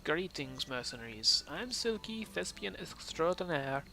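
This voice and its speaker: A man's voice: on the high side, lively intonation, fairly quick, pushed and bright, soft background music. A man reading out the lines of a haughty actress in a video game, in his own plain voice. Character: boastful haughty actress, adult woman.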